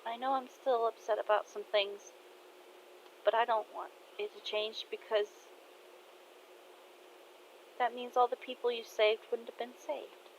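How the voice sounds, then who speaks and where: Woman putting on a high-voiced earnest young girl. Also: little pitch movement, unhurried, long pauses, lo-fi sound, slight background noise. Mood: heartfelt.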